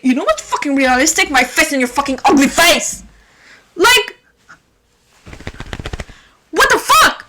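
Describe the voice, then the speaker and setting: High, bright young woman ranting loudly. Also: sing-song, a little hiss or hum. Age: young adult. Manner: profane, yelling, rapid rant. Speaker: podcast host. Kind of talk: ranting casual podcast monologue.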